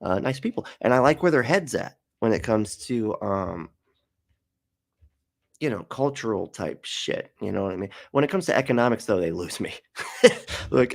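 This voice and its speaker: Man, gravelly voice, slightly low, sarcastic, profane, casual commentary host. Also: expressive, normal speed. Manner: sarcastic, profane, laughs often.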